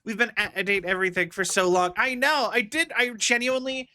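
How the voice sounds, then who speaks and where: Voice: medium pitch, fairly even intonation, fairly quick, bright, forceful tone. A live streamer in casual, rambling chat with viewers, restarting sentences and saying "y'all". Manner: rambling, chatty, restarts a lot; uses "y'all".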